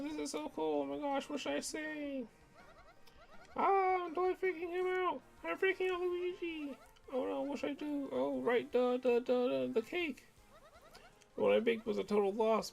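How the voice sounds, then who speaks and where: Flustered fangirl squeal, very high and gravelly, put on by a man; light game music underneath. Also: fairly even intonation, moderate pace. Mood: starstruck. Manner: squealing, flustered, indignant outbursts. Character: gushing, starstruck young female fan, jittery. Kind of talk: reading game dialogue aloud.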